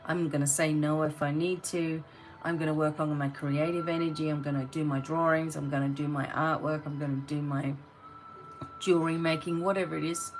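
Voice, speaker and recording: A woman's voice: sits low, low-quality recording. A woman giving a tarot reading, talking straight to the viewer in a blunt, motivating way. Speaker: tarot reader.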